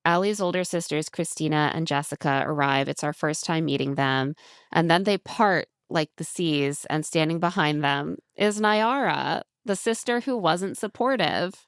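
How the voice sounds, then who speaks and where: Low, gravelly woman recapping chattily. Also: normal speed, no room sound, clean studio sound. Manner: chatty, animated retelling with quoted voices and laughs. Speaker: podcast co-host. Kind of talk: casual chat recapping a reality show.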